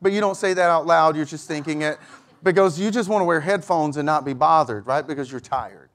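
A man's voice: fairly high pitch, fairly quick. A middle-aged man preaching a sermon, telling a personal story and acting out both sides of each conversation. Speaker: pastor.

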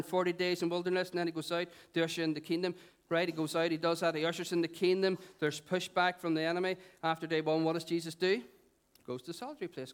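A Northern Irish man preaching in church, his voice pitched high for a man. He keeps the sermon light, teasing his listeners between passages of scripture. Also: fairly bright tone, smooth. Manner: playful, joking with the congregation. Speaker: pastor. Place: church hall.

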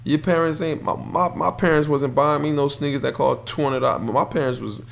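A young man hosting a podcast, talking casually and excitedly about basketball, rambling with lots of fillers and restarts. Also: on the high side, brisk, gravelly, a little hiss or hum. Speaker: podcast host. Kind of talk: casual solo sports talk.

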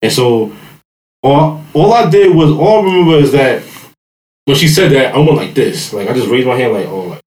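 A man's voice: medium pitch, lively intonation, moderate pace, darkish tone, reverberant, low-quality recording. A man telling a long childhood story in casual podcast chat, rambling with lots of fillers and laughing as he goes. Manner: laughs through his story. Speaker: podcast panelist, father.

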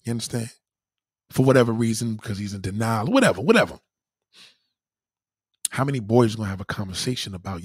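Man, casual profane storytelling, raspy, dry close sound. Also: fairly low pitch, a little fast, pauses often, dry recording. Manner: animated, slangy, swearing freely, repeating "you know what I mean". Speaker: storyteller addressing followers.

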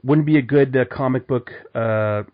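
A man's voice: mid-range voice, normal speed. A man co-hosting a casual comic book podcast, talking in a rambling way full of fillers and restarts. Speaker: podcast co-host. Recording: dull lo-fi audio.

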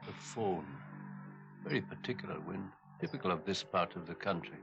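Grave film character, very deep voice, gravelly, measured, lo-fi clip with clear music. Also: male voice.

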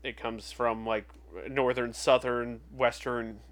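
A man with a mid-range voice talks casually about films and accents. He sounds easygoing, and his phrasing is loose and relaxed. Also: medium pitch, slow.

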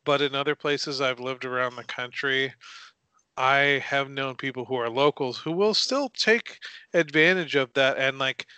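A young man chats as a podcast co-host, musing and playfully wry. His voice is bright and smooth. The sound is dry and close. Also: mid-range voice, measured pace, no echo. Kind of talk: casual chat. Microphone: video call.

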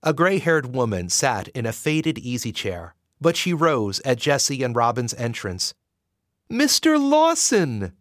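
Male audiobook narrator, expressive, animated pitch, dry close sound. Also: no room sound. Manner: expressive, measured storytelling.

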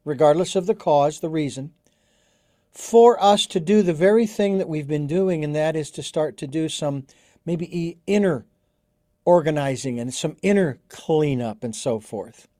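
Male host, a bit higher pitch, measured and reflective, dry sound. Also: dark tone, dry recording. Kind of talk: interview questions.

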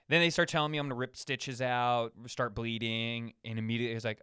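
A young man talks loosely through a podcast monologue from his room, full of slang, fillers and false starts. His voice is clear and smooth, with a mid pitch that is typical for a man. The sound is dry and close, with no room echo. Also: flat delivery, fairly quick, sharp tone. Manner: laid-back, slangy, many fillers and restarts. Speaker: podcast host. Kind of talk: casual rambling monologue. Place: his own room at home.

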